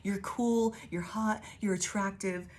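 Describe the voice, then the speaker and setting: Woman, tarot reader, casual reading, swears a lot, rambles, laughs often, middle pitch. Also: steady tone, unhurried, a little mellow. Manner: affirming, calls listeners babies.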